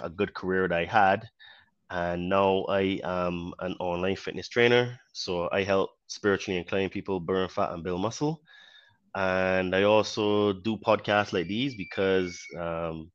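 A man from Barbados with a mixed Caribbean and British accent, a podcast guest talking in an earnest, measured way. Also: deep voice, smooth, dull audio. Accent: Barbadian with British influence. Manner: earnest, measured, many you-knows. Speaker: podcast guest, fitness trainer. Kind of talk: casual interview talk.

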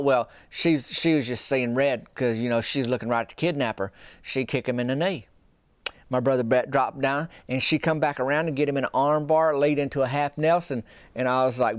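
A man's voice: medium pitch, normal speed, no room sound, clean studio sound. Rambling man telling a yarn. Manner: rambling folksy yarn-spinning with dialect grammar. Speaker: storyteller. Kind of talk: comic storytelling monologue.

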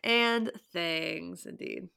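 Brief: young woman, podcast co-host, chatty and rambling, gravelly edge, dry close sound. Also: fairly low pitch, drawn-out words, sharp tone, no echo. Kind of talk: casual chat.

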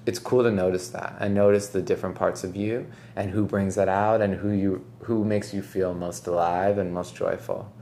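A man's voice: low-pitched, fairly even intonation, normal speed, hardly any pauses, warm tone, a little hiss or hum. A man hosting a podcast in casual chat, rambling and reflective, often saying "like" and "right?". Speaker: podcast host.

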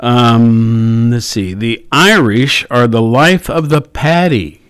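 A man co-hosting a radio show, reading puns in a slow, dry, halting way. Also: mid-range voice, a bit bright, clean tone, dry recording. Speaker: radio co-host. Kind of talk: casual radio chat.

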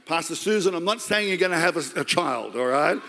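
An Australian man preaching a sermon as pastor, jokey and animated, acting out the voices of the story. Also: on the high side, brisk, slight background noise. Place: large church hall. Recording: long hall reverb.

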